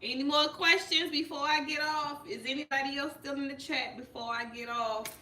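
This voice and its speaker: A woman's voice: high voice, steady tone, normal speed, bright, forceful tone. A woman hosting a live tarot stream in a casual, direct way, calling her viewers y'all. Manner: informal, addresses viewers as y'all, chatty and direct. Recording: echoey room, mic at a distance, clear background noise.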